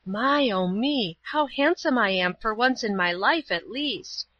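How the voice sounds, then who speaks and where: A woman voicing a gentle, pious old woman who speaks calmly and tenderly in a storybook reading. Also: mid-range voice, moderate pace, no echo, dull audio.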